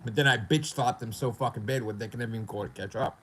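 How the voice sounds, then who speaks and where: A man's voice: fairly low pitch, fast talker, fairly bright tone, slight background noise, poor audio. A middle-aged man with a New York accent, ranting profanely and animatedly as a gaming streamer on a casual livestream.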